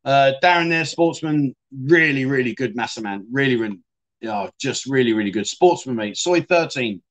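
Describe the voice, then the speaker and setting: A man's voice: medium pitch, animated, moderate pace. A middle-aged man casually hosting a livestream, reading out viewer comments and joking along. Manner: chatty, jokey, reads out viewer comments. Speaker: livestream host.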